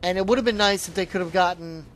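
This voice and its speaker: A man's voice: sits high, fast. A man giving a casual, rambling spoken review of a video game, often trailing off and restarting his sentences.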